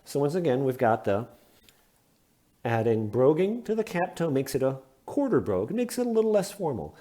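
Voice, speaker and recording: A plain-spoken man from the American Midwest talks through his explanation one step at a time, often pausing to ask "okay?". His voice is mellow and relaxed, sitting at an ordinary middle pitch. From Midwestern United States. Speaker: shoe hobbyist host. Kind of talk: casual instructional explanation.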